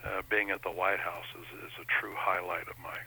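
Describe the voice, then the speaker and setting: The impressionist guest keeps up a chatty, folksy stream of stories in his interview, speaking a little fast. His low, husky voice is level, bright, and forceful, heard through a rough recording.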